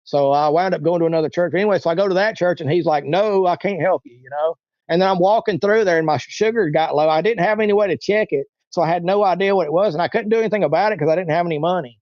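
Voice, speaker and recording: A man with a high, slightly mellow voice races through a long personal story in casual interview talk, rambling and repeating himself while acting out quoted voices. There's no room sound, and the highs are cut off.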